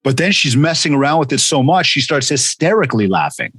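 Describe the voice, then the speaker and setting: Animated male podcast host. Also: fairly high pitch, a little fast, slightly rough, no room sound. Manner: animated storyteller, acts out quotes. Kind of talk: casual interview chat.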